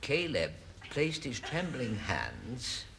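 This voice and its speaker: A man's voice: medium pitch, wildly swooping pitch, takes it slowly, vocal fry, full character voice. An actor playing a prim, easily flustered man who reads a racy novel aloud to hospital patients, apologetic and prone to giggling. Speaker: hospital volunteer reading aloud. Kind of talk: sketch comedy acting. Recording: heavy hiss on an old broadcast recording.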